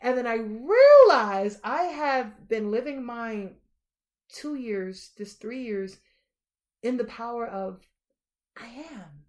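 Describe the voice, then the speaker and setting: A woman hosting a podcast in loose, candid talk, with a fairly high voice. Her pitch swings animatedly, and she leans on her points with emphatic force and the odd curse word. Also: takes it slowly. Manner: expressive and emphatic, swearing freely. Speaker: podcast host. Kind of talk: casual chat.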